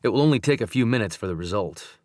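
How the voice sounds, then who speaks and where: Calm reassuring country doctor, read by a man, low voice, dry close sound, audiobook. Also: quick pace, no echo, close to an everyday voice. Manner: gentle, steady, reassuring. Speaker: audiobook narrator. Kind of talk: audiobook dialogue reading.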